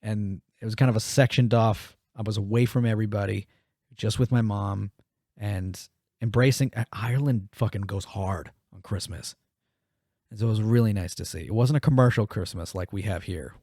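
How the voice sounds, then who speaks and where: Profane, animated man telling stories. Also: lowish voice, no echo, clean studio sound. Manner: profane, animated storyteller acting out quotes. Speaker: podcast co-host. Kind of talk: casual chat, storytelling.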